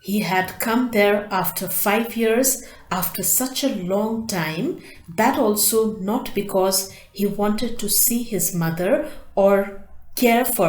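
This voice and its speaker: A woman teacher reading textbook answers aloud in slow, careful dictation and drawing out words as she pronounces them. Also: mid-range voice, roomy sound, rough recording. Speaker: English teacher.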